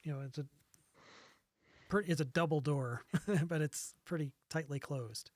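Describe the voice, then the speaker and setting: GM, man, fairly high voice, dry close sound, muses aloud while describing scenes. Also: no echo. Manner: thinking aloud with pauses and restarts. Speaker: game master. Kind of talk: describing scenes in a tabletop game.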